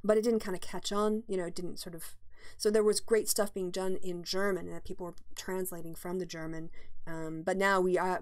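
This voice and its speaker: A woman's voice: on the low side, darkish tone. A middle-aged woman hosting a livestream, chatting casually and answering viewer questions, thinking aloud with many fillers and restarts. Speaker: livestream host.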